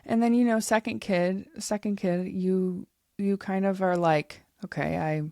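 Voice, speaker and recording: Warm, steady and mid-range, this woman speaks a little slowly in a dry, studio-quality recording. She is a podcast host in her thirties, telling an emotional personal story with candor and plenty of swearing.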